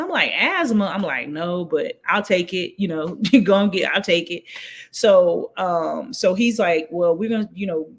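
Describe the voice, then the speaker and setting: A woman, a guest telling her story in a casual interview, acting out what others said in lively voices. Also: lowish voice. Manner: animated, acts out quoted voices.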